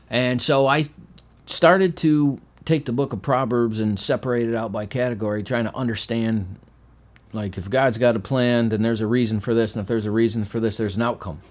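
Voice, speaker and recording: A veteran man telling his own life story in a conversational way, with dry, deadpan humor, sometimes loud and animated, sometimes quiet and heavy. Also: fairly low pitch, a little fast. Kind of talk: personal spoken testimony.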